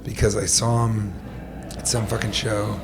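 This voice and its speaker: A comedian guest on a podcast, telling stories in a profane, animated way that swings between loud outbursts and hushed asides. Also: male voice, lowish voice, moderate pace, vocal fry. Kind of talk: casual podcast chat. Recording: noisy background.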